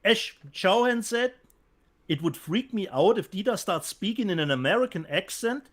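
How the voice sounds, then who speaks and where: High-voiced German-accented man. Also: lively intonation, moderate pace. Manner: hesitant, many fillers. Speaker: co-host. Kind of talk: casual live-stream chat, reading viewer comments. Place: home, remote call.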